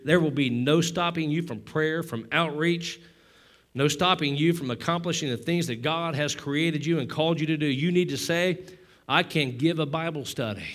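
A middle-aged male pastor delivering a sermon, exhorting the congregation in a repetitive preaching cadence that builds to loud fervor. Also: on the high side, moderate pace. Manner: self-deprecating asides to the congregation.

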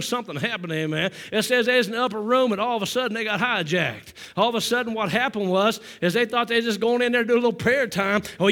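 A man with a high voice preaches to his congregation, calling for responses and answers. He drops to a hushed, breathy storytelling tone, then climbs back into loud, ringing exhortation. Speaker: pastor. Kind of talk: sermon.

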